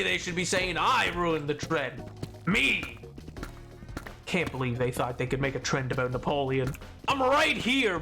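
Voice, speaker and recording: A young man streaming a game, chatting casually in an excitable, rambling way and laughing often. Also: sits high. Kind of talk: casual live-stream chat while gaming.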